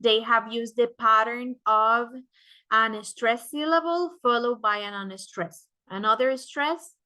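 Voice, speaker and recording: A woman lectures to a class in a bright, forceful voice, pitched a little high. She speaks slowly and explains step by step, checking in with "right?" as she goes. Her first language is Spanish. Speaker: teacher.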